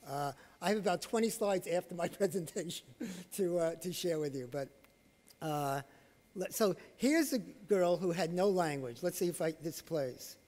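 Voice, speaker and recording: A man's voice: high voice, moderate pace, a little mellow. A middle-aged man, an autism therapist, giving a conference lecture and telling case stories, acting out the dialogue. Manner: storytelling, acting out quoted dialogue. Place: conference hall. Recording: long hall reverb.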